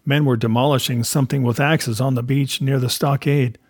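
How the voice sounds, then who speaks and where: A man reading an adventure novel aloud at a measured, steady pace. His voice is husky and mid-pitched. The recording is dry and close, with no room sound. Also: no echo. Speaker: audiobook narrator. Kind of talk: scripted narration of a classic novel.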